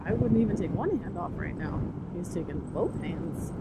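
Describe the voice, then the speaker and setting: A woman talking casually as she rides, excitable and rambling, jumping from thought to thought. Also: fairly low pitch, moderate pace. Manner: excitable, rambling, easily distracted. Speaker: motovlogger. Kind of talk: casual motovlog while riding. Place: outdoors on a motorcycle. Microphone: helmet-mounted camera mic. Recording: wind and engine noise. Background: road and vehicle noise.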